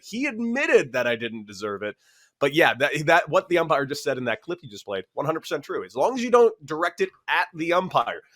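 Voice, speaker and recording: A man in his thirties, a former pro ballplayer on a sports talk show, telling stories with lively, animated delivery. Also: mid-range voice. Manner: lively, animated storyteller, acts out both sides of arguments. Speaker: former pro baseball catcher, show panelist. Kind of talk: casual sports talk storytelling.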